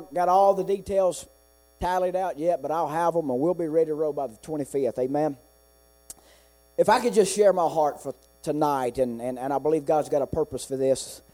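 A man preaching a sermon and telling a personal testimony, repeating himself and building into fervent, loud preaching. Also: on the high side. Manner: repeats words and restarts often. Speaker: pastor.

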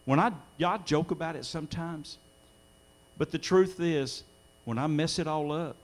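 A middle-aged pastor delivers an earnest sermon in a church sanctuary during a live-streamed service. His voice is fairly high and his pace measured, and it swells whenever he quotes scripture.

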